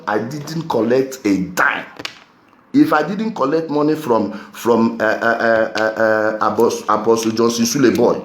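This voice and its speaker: A man's voice: mid-range voice, a little hiss or hum. A Nigerian man delivering a heated vlog rant, firing off repeated rhetorical questions. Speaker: vlogger. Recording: roomy echo.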